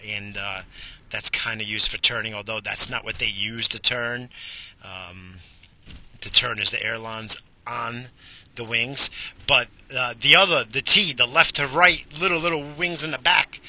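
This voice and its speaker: A man's voice: medium pitch, pushed and bright. A middle-aged man hosting an internet radio show, rambling alone in a goofy, profane, self-mocking way. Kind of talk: rambling solo monologue.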